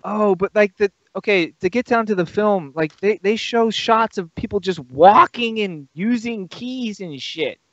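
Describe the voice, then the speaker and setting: A man's voice: high-pitched, measured pace, hardly any pauses, fairly bright tone, no room sound. A man in a casual movie review chat, swearing and exasperated. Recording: dull lo-fi sound.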